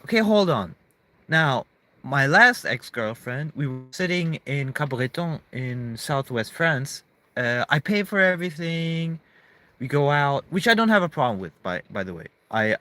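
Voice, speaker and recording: A man's voice: medium pitch, pushed and bright. A man in a casual, rambling monologue to camera, emphatic, swearing often and restarting his sentences. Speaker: vlogger.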